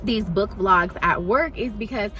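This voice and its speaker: A young woman chatting casually to her viewers in a book vlog, expressive and gushing, laughing often as she talks straight to them. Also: mid-range voice, a little slow, a little hiss or hum. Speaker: book vlogger.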